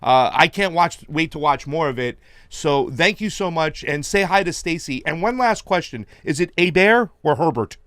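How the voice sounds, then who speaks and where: A man's voice: fairly high pitch, lively intonation, normal speed, hardly any pauses, fairly bright tone, smooth, no echo. Hyped, slangy male talk host. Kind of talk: casual show hosting.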